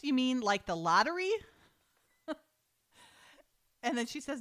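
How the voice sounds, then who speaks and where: A woman's voice: high voice, big pitch swings, measured pace, long pauses, a bit bright. Brief: woman host, chatty recap, reads dialogue aloud with amusement. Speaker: podcast host. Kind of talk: casual chat, reading script lines aloud.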